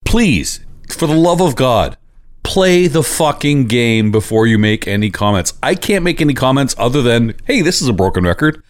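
Animated, ranting Canadian man. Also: mid-range voice, moderate pace. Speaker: podcast co-host. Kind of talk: casual podcast chat.

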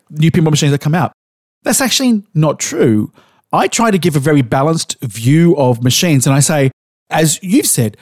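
A man's voice: on the high side, darkish tone, dry recording, clean studio sound. A man co-hosting a podcast, chatting casually and making emphatic points, swearing freely. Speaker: podcast co-host. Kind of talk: casual chat.

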